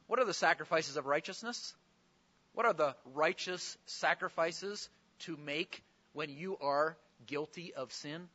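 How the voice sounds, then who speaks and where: A man's voice: a little high, measured pace, bright, forceful tone, highs cut off. A man preaching a sermon, explaining scripture with earnest, pleading emphasis.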